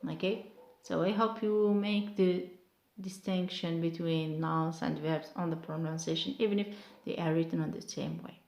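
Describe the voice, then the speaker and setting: A woman, teaching English word stress slowly and carefully, repeating each example word. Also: lowish voice, steady tone, gravelly, a little mellow, roomy sound. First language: Arabic. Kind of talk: online pronunciation lesson.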